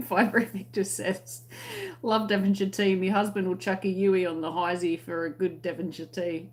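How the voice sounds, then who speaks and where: A woman's voice: mid-range voice, fairly even intonation, measured pace. An Australian woman hosting a crochet live stream, chatting casually and reading out viewer comments, friendly and laughing often. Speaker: crochet channel host.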